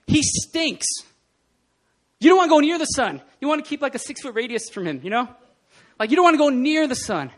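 A man preaching a casual, animated sermon in a church, often laughing and acting out scenes. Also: extremely high pitch, brisk. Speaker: pastor. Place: church hall.

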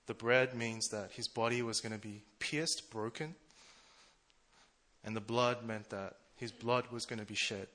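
A man preaching a casual, conversational sermon, chatty and quick to laugh at himself. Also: lowish voice, little pitch movement, fairly bright tone. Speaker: preacher, church treasurer.

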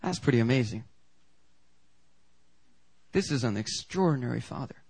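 A man's voice: mid-range voice, lively intonation, moderate pace, a little mellow, slightly rough. A man preaching a sermon in a casual, conversational way, acting out the quoted lines with big jumps in voice. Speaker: pastor.

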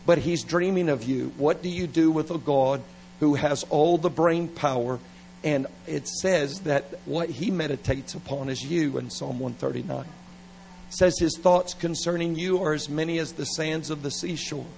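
A middle-aged man preaching at a revival service, animated and playful, with laughing asides. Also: a little high, moderate pace, creaky, a little hiss or hum, low-quality recording. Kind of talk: revival sermon.

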